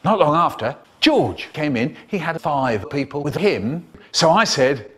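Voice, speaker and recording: Animated male storyteller with lively pitch. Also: unhurried, few pauses, slightly rough. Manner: animated, sudden high bursts. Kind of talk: comic storytelling, spliced clips.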